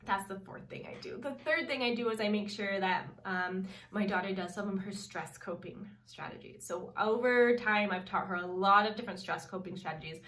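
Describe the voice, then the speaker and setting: A woman's voice: mid-range voice, moderate pace, few pauses, fairly bright tone. Woman, 30s, parenting coach, earnest, emphatic, echoey room, distant mic. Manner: earnest, repeats "really" for emphasis. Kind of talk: casual advice talk to camera. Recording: roomy sound, mic at a distance.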